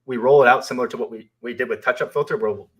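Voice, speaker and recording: A man's voice: medium pitch, fairly even intonation, very fast, a bit bright, slightly rough. A man co-hosting a live stream, reading viewer questions aloud and answering them in a thoughtful, hesitant way with many fillers. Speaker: co-host and company founder.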